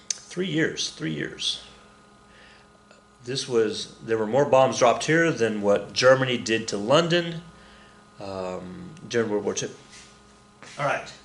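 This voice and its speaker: A man's voice: medium pitch, fairly bright tone. A man teaching a history lecture in a casual, joking way, often repeating key points for emphasis. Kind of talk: recorded classroom lecture. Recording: echoey room.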